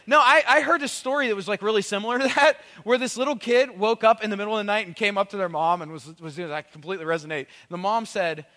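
A man in his thirties telling rambling, animated comic stories to an audience, full of "like" and "you know". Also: sits high, fast, few pauses, long reverb tail. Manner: rambling, animated, heavy on "like" and "you know", bursts of loud excitement. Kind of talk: conversational storytelling, comic monologue.

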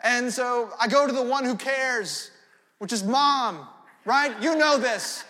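Animated young male preacher in a hall. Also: extremely high pitch, takes it slowly. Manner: animated, storytelling, frequent "right?" asides. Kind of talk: sermon. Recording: long hall reverb.

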